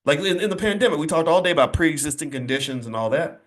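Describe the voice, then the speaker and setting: A man in middle age speaks to a live audience in a hall, pressing his points hard and repeating key phrases like a preacher. His voice sits a little higher than most men's. He sounds like a motivational speaker working the room. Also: expressive, fast talker. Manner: emphatic, repetitive, preacher-like cadence.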